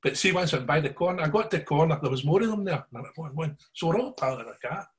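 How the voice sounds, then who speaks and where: A middle-aged man with a Glaswegian Scottish accent telling stories in casual chat, animated and always checking in with his listeners. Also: fairly high pitch, very fast. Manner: animated yarn-spinning, keeps checking in with listeners.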